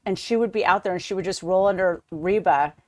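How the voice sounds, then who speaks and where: A woman's voice: on the low side, a little fast, darkish tone, dry recording, clean studio sound. Chatty woman host asking friendly questions. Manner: chatty, laughs easily, asks friendly questions. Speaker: host and interviewer. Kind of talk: casual interview conversation.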